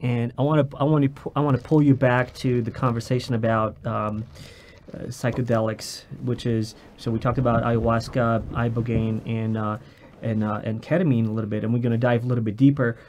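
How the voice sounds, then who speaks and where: A man hosting a podcast, framing questions with many pauses and fillers. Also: mid-range voice, little pitch movement, a little mellow, a little hiss or hum. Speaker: podcast host. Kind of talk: interview questions and chat.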